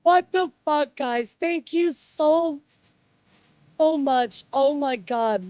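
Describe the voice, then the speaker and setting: Woman streamer, very high voice, slow delivery, overwhelmed and profane with chat, slightly muffled audio. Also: a little mellow, no room sound. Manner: overwhelmed, swearing, addressing chat as "dude" and "guys".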